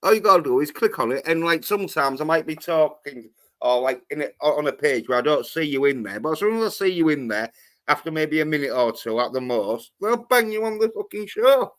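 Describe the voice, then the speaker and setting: A man's voice: fairly high pitch, animated, fairly quick. A man hosting a livestream, ranting angrily and swearing constantly in a rambling way. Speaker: livestream host. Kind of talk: profane livestream rant.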